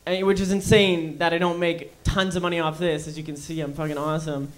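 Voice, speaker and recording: A man's voice: a little high, flat delivery, a little fast. A man performing a crude, rambling stand-up comedy set on a club stage.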